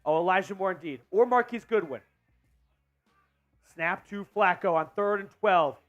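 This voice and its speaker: A man hosting a live stream and calling a football game as a fan, getting excited and shouting on big plays. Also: high voice, moderate pace, dry recording, dull audio, faint music behind. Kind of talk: fan play-by-play commentary.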